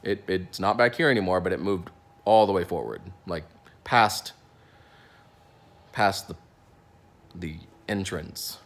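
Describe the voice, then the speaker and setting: A man's voice: low voice, slow pace, pauses often. A young man, a dentist, casually telling a funny story from work, acting out what people said with lots of restarts and fillers. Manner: animated, acts out quotes, many restarts and fillers.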